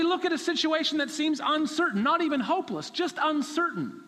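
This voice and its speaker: A man's voice: very high-pitched, expressive, brisk, few pauses, sharp tone, in a large hall. A man preaching a sermon, telling a story animatedly and acting out the characters.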